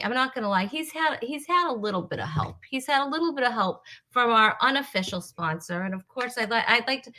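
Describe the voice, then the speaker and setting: A woman from Rhode Island hosts a live comedy stream, greeting viewers in a chatty, teasing way and rambling with fillers. Her voice is on the high side with a sharp tone.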